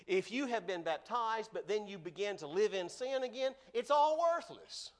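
A man preaching a sermon, earnest and emphatic, slowing down to stress key words. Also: high-pitched, lively intonation.

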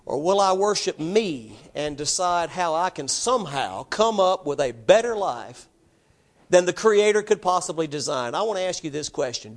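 A pastor with a high voice delivers an emphatic sermon. He keeps putting rhetorical questions to his congregation and pressing each point home.

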